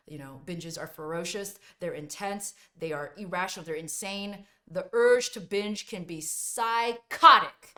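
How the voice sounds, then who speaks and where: A woman's voice: on the low side, a little slow, few pauses, bright, forceful tone. A woman coaching viewers through binge-eating recovery in an emphatic, blunt motivational talk, repeating points and sometimes swearing.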